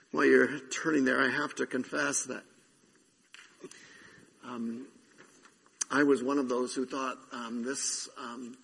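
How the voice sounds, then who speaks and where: A man's voice: mid-range voice, gravelly, a bit bright, breathy edge, big-room sound, poor audio. A man leading prayer and preaching a sermon as pastor in a church sanctuary, earnest and prayerful. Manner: slow, earnest, prayerful with drawn-out phrases. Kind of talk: sermon with prayer and scripture reading.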